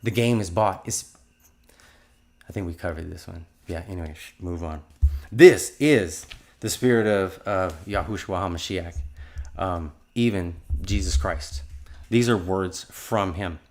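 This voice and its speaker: A man's voice: sits low, unhurried, a little mellow. A man in his fifties telling a religious testimony in an earnest, rambling way, often restarting his sentences. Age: 50s. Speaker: testimony speaker.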